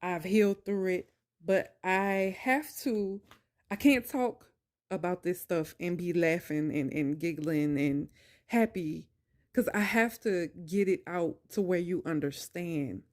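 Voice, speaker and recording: A woman talks straight to her viewers, recounting her own experiences at a slow, deliberate pace. She presses her points hard, almost like preaching, then drifts into softer, hesitant stretches full of ums. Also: on the low side. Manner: emphatic, preachy, addresses viewers directly. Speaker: vlogger telling her own story. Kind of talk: personal storytelling to camera.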